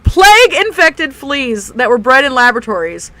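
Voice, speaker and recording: A woman's voice: high voice, very animated, moderate pace, pushed and bright, dry recording. A woman co-hosting a casual group podcast, reading history notes aloud with small stumbles and frequent laughs. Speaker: podcast co-host.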